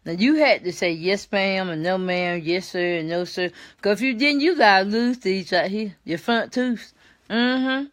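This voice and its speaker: Tired older lady chatting on her vlog, folksy and slow, lots of mm-hmm and yes sir, middle pitch. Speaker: vlog host. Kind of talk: folksy monologue on slang.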